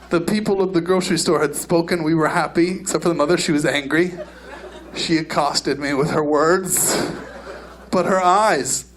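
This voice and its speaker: A man doing stand-up on a comedy club stage, delivering outrageous lines in a brash, deadpan way. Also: high-pitched. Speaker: stand-up comedian and channel host.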